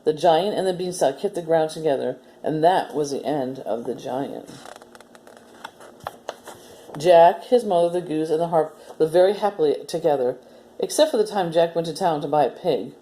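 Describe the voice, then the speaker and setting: Female story time host for kids; low, mellow voice, gentle and patient. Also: normal speed, slight background noise. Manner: gentle, explaining step by step. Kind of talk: reading a story aloud to children, then a simple demo.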